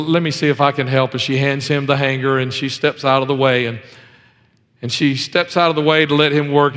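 A pastor preaching a sermon, swinging between loud emphasis and hushed asides, telling folksy stories with many repetitions. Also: male voice, medium pitch, big-room sound.

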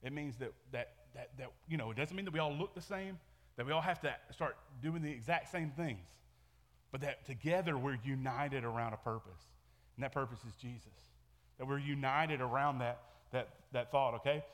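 A man's voice: medium pitch, moderate pace, a bit bright, in a large hall. A man preaching a sermon to his church in a casual, conversational way, often repeating words and restarting sentences. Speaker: pastor. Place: church sanctuary.

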